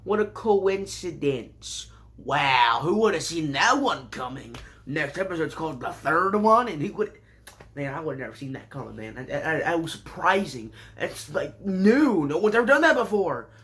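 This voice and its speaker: A man's voice: fairly high pitch, very animated, normal speed, fairly bright tone. A man casually recapping a show with sarcastic, rambling asides and mock surprise. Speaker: show reviewer.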